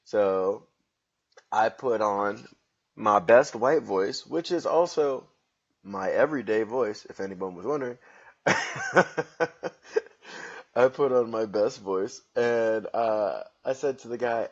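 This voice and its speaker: A man's voice: on the low side, slow pace, pauses often, lo-fi sound. A man hosting a podcast, telling a story in a casual, profane and self-mocking way. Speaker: podcast host.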